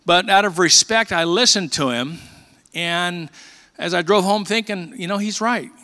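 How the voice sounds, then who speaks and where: A man in his sixties, a pastor preaching a sermon, talking quickly and slowing down to read scripture. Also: high voice. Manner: quick, animated talker who slows down for scripture readings. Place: church sanctuary. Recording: reverberant church hall.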